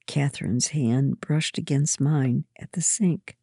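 Woman storyteller, low and husky, slow measured first-person reading, dry close mic. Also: mellow, dry recording.

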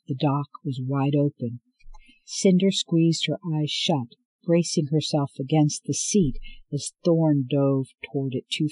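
A man reading an audiobook as narrator in a steady, measured way. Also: a little high, breathy edge, rough recording. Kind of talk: scripted narration.

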